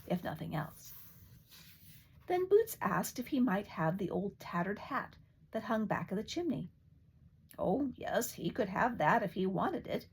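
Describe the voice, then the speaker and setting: A woman's voice: mid-range voice, husky. Grandmotherly woman reading a fairy tale. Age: older. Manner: lively expressive reading. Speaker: storyteller.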